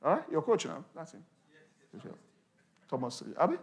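A male pastor preaching a sermon at a conference, animated, acting out little scenes and asking the congregation questions. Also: a little high, normal speed. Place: conference hall.

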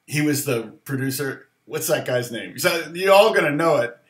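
A man's voice: a little high, animated, moderate pace, reverberant. Chatty man teaching on a livestream. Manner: rambling, chatty, with frequent fillers and laughs. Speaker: guitar teacher hosting a livestream. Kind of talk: casual livestream lesson.

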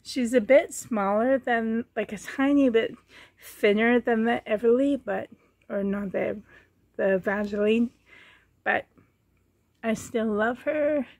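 A woman giving a casual show-and-tell vlog at home, speaking gently and fondly with frequent pauses and a slightly hoarse throat. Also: a little high, dry recording. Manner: gentle, pausing often, fond and chatty. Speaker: doll collector vlogger.

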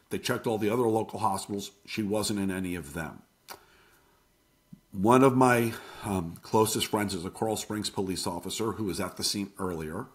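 A middle-aged man telling a painful personal story as an interview guest, halting and emotional. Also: on the low side.

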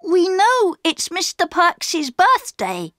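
A woman's voice: very high voice, huge pitch swings, slow pace, a bit bright, no room sound, studio quality, voice pushed up, heavily acted. A woman voicing a polite, earnest young boy in a storybook reading.

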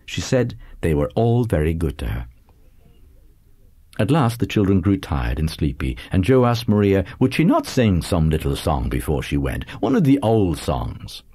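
Man reading an audiobook, deep-ish mellow voice, dry close sound. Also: husky, no echo. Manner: measured literary reading with lively phrasing. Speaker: audiobook narrator. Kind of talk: scripted audiobook narration.

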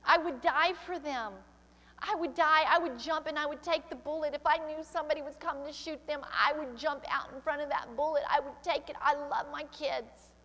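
Tearful older woman preaching, high voice. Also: fairly even intonation, normal speed, bright, forceful tone, long reverb tail. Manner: emotional, tearful, breaking into prayer. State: crying. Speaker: pastor. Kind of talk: sermon. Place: church sanctuary.

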